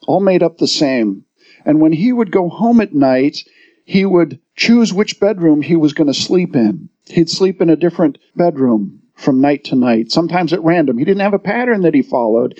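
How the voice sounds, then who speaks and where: A man preaching a sermon to his congregation, telling folksy stories with gentle humor. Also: a little high, lo-fi sound. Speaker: pastor. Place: church sanctuary.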